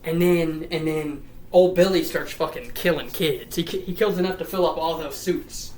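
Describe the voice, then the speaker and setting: A woman's voice: low-pitched, steady tone, normal speed, a little mellow, poor audio. A woman rambling through a profane, comedic retelling of a story. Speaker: lore storyteller.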